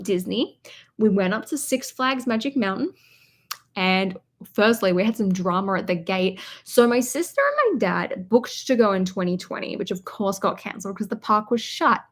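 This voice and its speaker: A young woman vlogger chatting live from a hotel room, telling a long rambling story and talking to her viewers as she goes. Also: mid-range voice. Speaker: vlogger hosting a livestream. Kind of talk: casual live-stream chat.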